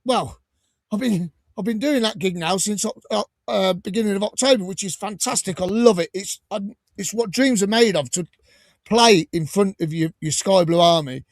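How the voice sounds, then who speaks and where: Man, Midlands accent, chatty storyteller, fairly high voice, dry close sound. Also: normal speed, no echo. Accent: English Midlands. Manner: chatty storyteller, lively and animated. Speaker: podcast host. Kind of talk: casual chat.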